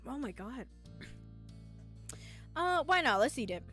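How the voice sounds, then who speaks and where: A woman's voice: sits high, very animated, slow, a bit bright, breathy edge. A woman streamer reading a visual novel aloud, playful and giggly, talking back to the characters. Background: faint game music.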